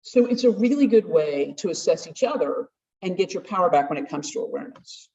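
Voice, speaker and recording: Woman, conference speaker, animated, acts out quotes, heard from afar, dull muffled sound. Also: fairly low pitch, fairly quick. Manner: lively, acts out quoted voices, laughs often. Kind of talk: conference talk. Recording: distant, dull room mic.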